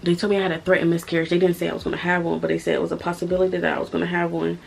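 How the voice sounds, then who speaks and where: A young woman in her twenties with a low, flat, gravelly voice tells a story straight to her camera. She talks bluntly and swears freely, hammering her points home in a casual vlog style. A faint hiss sits under her voice. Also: very fast, low-quality recording. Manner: blunt, profane, emphatic storytelling. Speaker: vlogger.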